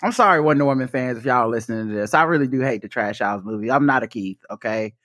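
A young adult man hosting a podcast, chatting casually and animatedly with lots of swearing and quick mock impressions. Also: medium pitch, no echo, studio quality. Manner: profane, animated, jokey impressions in quotes. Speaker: podcast host. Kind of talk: casual chat.

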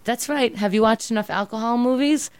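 A woman's voice: fairly high pitch, darkish tone, clear, resonant tone. A woman arguing with her boyfriend in a heated back-and-forth, exasperated and sometimes mocking. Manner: exasperated, rapid-fire, mocking impressions. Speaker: girlfriend in a couple's argument. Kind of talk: heated couple argument.

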